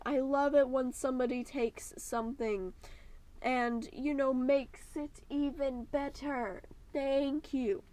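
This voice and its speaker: A woman's voice: on the high side, dry recording. A woman hosting her art channel, giving a casual, enthusiastic voice-over that rambles with many ums and slips into a playful put-on accent. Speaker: YouTube art channel host.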